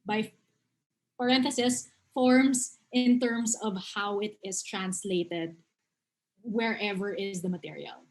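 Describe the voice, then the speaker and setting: A woman speaking as a panelist in an online discussion, thoughtful and measured, correcting herself as she goes. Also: mid-range voice, a little mellow, rough recording. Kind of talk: casual panel discussion on a video call. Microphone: video call.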